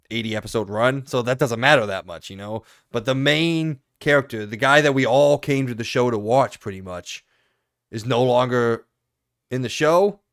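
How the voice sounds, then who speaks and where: A man's voice: mid-range voice, fairly bright tone, clear, resonant tone, no echo, clean studio sound. A man co-hosting a podcast, talking casually and animatedly, rambling with frequent laughs. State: hiccuping. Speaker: podcast co-host.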